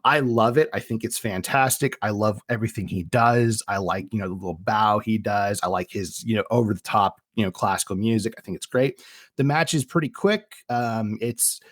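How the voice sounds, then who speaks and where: A podcast co-host chats casually in a fairly low voice at a moderate pace, rambling with frequent restarts and repeated words. The recording is dry with clean studio sound.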